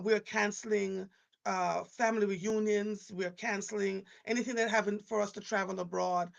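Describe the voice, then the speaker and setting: A woman in her fifties talks casually to her live-stream audience, her voice rough and gravelly with heavy fry. She rambles from story to story, doubling back and restarting her sentences as she goes. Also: medium pitch. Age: 50s. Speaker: live show host.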